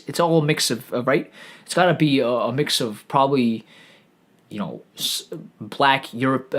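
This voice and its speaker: Alone on his podcast, a New York man with a mid-range voice delivers a rambling, profane monologue full of tangents. He stammers and keeps restarting his sentences as he goes.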